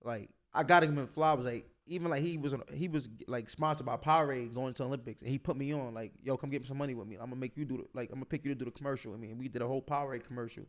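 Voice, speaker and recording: A young man, a boxer, telling stories in a casual interview, animated and slangy, full of "like" fillers. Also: medium pitch, racing, hardly any pauses.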